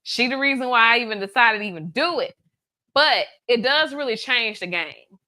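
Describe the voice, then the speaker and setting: A bright, sharp-toned woman talks viewers through a live cooking demo. Her pitch sits a little high, and she keeps it chatty and playful, tossing teasing asides at the audience between steps. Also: expressive, normal speed. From Atlanta, USA. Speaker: cooking show host, baker.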